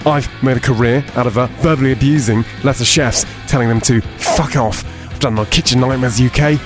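A man impersonating a foul-mouthed celebrity chef who barks insults while pitching a podcast. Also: fairly quick, music in the background, close to an everyday voice. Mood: abusive. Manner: sweary, barking insults. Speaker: podcast host impression.

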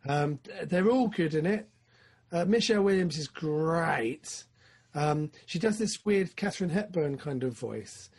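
Excitable husky man. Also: unhurried. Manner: excitable, swings from loud enthusiasm to low mumbling asides. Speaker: podcast co-host. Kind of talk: casual film chat.

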